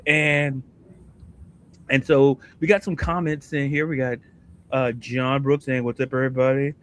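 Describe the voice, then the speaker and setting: A man co-hosting a sports podcast, ranting in a casual, animated way and firing off rhetorical questions. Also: mid-range voice, normal speed, a little hiss or hum. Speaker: podcast co-host.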